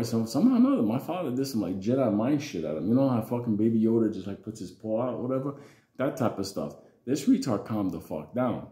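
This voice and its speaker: A man telling a childhood story in a rambling, profane, animated way. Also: on the high side, reverberant. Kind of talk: casual storytelling vlog.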